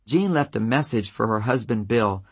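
A man's voice: on the low side, expressive, normal speed, breathy edge, no room sound. Man reading in a dry, close voice. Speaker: audiobook reader. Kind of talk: scripted narration of example letters.

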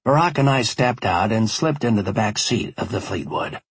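Husky man narrating an audiobook, wry conversational telling, lively pitch, dry studio sound. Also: normal speed, no room sound. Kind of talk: first-person audiobook narration.

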